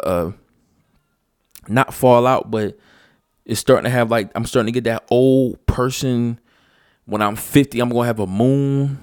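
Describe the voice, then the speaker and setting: This vlogger has a medium-pitched, slightly mellow voice with a clear, resonant tone, captured dry and at studio quality. He's ranting off the cuff, swearing bluntly and repeating himself emphatically to drive each point home.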